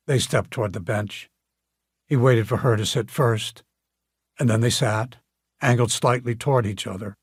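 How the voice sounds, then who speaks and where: Husky male audiobook narrator. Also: medium pitch, dry recording, clean studio sound. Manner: calm, measured storytelling. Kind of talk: scripted narration.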